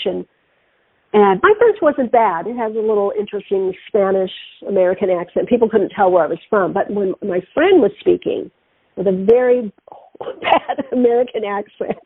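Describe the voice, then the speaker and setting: A middle-aged woman hosting a spiritual radio talk show, telling stories in an animated way. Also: mid-range voice, husky, no echo. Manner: animated, acts out quoted voices. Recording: tinny phone-line sound, dry.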